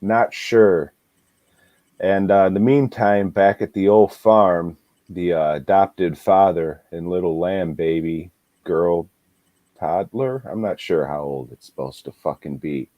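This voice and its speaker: A man's voice: sits low, slow, no echo, lo-fi sound. A man co-hosting a podcast, casually retelling a film with lots of swearing and laughter. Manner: laid-back, swears a lot, laughs while retelling. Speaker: podcast co-host, movie reviewer. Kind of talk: casual movie review chat.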